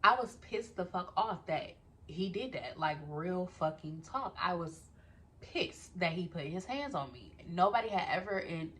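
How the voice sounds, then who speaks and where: A young woman chats through a storytime vlog in a casual, animated way. She talks straight to her viewers and swears freely. Her voice sits a little low for a woman. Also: a little slow. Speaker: vlogger telling a story.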